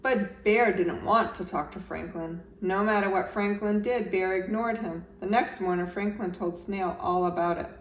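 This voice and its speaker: A woman, a teacher, reading a children's storybook aloud with gentle, expressive narration. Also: medium pitch, moderate pace, hardly any pauses. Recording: roomy echo, slightly distant mic, faint background noise.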